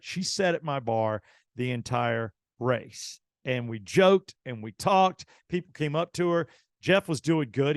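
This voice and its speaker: A middle-aged man, hosting a radio show and telling an anecdote in a casual, animated way, acting out the dialogue. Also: fairly high pitch, no echo, studio quality. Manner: animated anecdote teller, acts out quoted dialogue. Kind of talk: casual storytelling.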